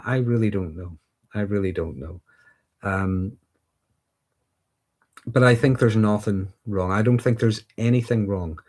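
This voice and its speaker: A man's voice: low voice, darkish tone. A middle-aged man with a Northern Irish accent, hosting a casual livestream and answering viewer questions in a thoughtful, rambling way with frequent ums. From Northern Ireland.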